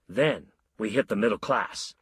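A man voicing a pushy, fierce advertising man who talks in an emphatic sales pitch. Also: measured pace, fairly bright tone, slightly rough, dry recording, studio quality, heavily acted.

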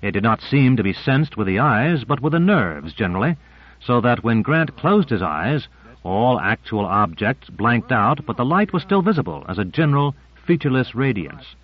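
Male narrator for a novel, steady descriptive read, middle voice, dull lo-fi audio. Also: mid-range voice, moderate pace, slightly rough. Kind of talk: scripted narration. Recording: muffled lo-fi recording.

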